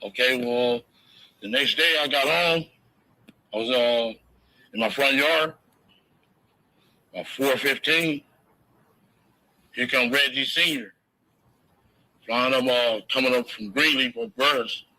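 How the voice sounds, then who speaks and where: A man gives an interview with an easy, laid-back delivery. His talk is slangy and full of curses. His voice has a strikingly bright, forward edge and sits at a mid pitch. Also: slow, pauses often, rough recording. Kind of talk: casual storytelling.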